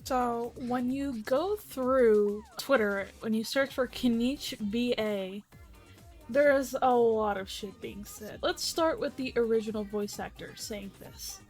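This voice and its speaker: A woman's voice: fairly high pitch, measured pace, a little mellow, faint music behind. A woman vtuber giving casual, blunt commentary, swearing freely and reading posts aloud.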